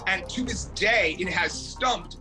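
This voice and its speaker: Researcher in an interview over loud music. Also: medium pitch, slow pace, low-quality recording.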